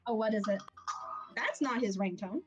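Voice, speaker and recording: A woman's voice: a little high, expressive, normal speed, lo-fi sound. A woman acting as game master, narrating a tabletop game in a casual, chatty way with many fillers. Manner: casual, laughing, full of fillers.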